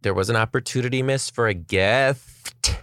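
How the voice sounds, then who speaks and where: A woman's voice: a bass voice, normal speed, no room sound, studio quality. A young woman podcast host telling a story in casual chat, acting out what people said and swearing freely. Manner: animated storytelling, acts out quotes, swears.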